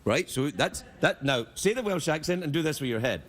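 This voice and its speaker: A man hosting a late-night talk show, bantering and teasing his guest with quick jokes. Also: fairly high pitch, expressive. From Scotland. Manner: joking, teasing, quick asides. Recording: TV studio with audience laughter and noise.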